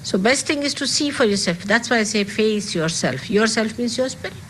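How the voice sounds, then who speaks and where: A woman's voice: on the high side, expressive, moderate pace, background noise. An older woman speaking as a spiritual teacher, giving an emphatic talk to an audience and repeating key phrases.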